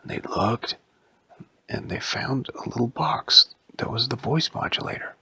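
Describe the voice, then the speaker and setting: A man telling a bedtime story in a slow, hushed, often whispered voice. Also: medium pitch, slightly rough, no echo.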